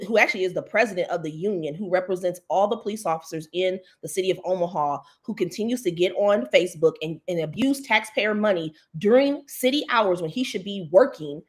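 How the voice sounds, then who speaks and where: A woman, a local official, chatting as a guest on a talk show, telling a story with mocking indignation and jumping higher when she quotes people. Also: fast, hardly any pauses. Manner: animated storytelling, jumps higher when quoting others. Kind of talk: casual talk-show chat.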